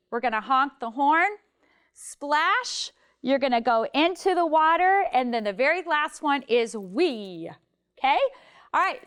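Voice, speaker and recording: Upbeat high-voiced woman teacher. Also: a bit bright, smooth. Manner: upbeat, demonstrating motions while talking. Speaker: music and movement teacher. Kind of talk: children's lesson.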